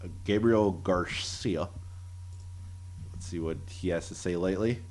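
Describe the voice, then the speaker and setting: A man's voice: low voice, unhurried, darkish tone. A man co-hosting a casual podcast, reading out tweets with laughter and crude jokes. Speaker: podcast co-host.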